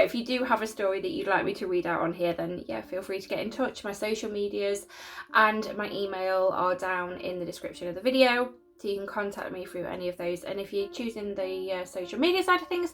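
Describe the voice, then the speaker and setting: A woman's voice: mid-range voice, brisk. A woman hosting a story channel, casually reading out viewer-sent ghost stories in an emotional, chatty, sympathetic way. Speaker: YouTube story channel host.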